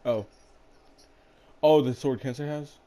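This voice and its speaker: A man's voice: mid-range voice, fairly even intonation, unhurried, mellow. A man hosting casual gameplay chat, rambling in a laid-back way and swearing casually. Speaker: gaming channel host.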